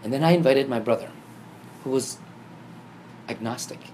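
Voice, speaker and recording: A man telling a personal story in casual conversation, acting out the quoted dialogue with lively shifts. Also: mid-range voice, moderate pace, a little hiss or hum. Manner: animated, acts out quoted dialogue. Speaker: guest telling his story.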